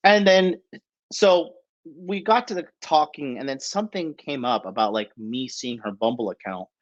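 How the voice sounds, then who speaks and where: A man spins a casual, rambling story full of swearing, checking in with "right?" after nearly every point. His pitch sits in the middle range. The recording sounds a little dull and lo-fi. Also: moderate pace. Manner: profane, rambling, keeps asking "right?". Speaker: podcast storyteller.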